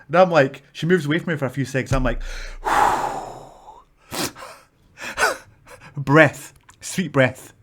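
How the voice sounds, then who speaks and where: A man's voice: on the high side, slow, fairly bright tone, husky. A Scottish man, a wrestler, telling stories to camera in a casual vlog, swearing freely and acting out the people in them. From Scotland.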